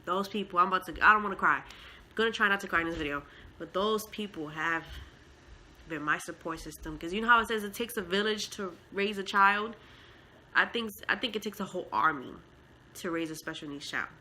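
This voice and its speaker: A woman speaks in a bright, clear voice as she tells her own story in a casual vlog. She is heartfelt and emotional and uses many fillers. A faint noise sits under her voice. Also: fairly low pitch, normal speed, low-quality recording. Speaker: mother and vlogger.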